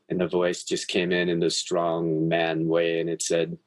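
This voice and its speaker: A man with a low-pitched voice speaks as a podcast guest. He tells a personal story candidly and earnestly. He swears freely and doesn't hold back. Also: monotone, normal speed, few pauses.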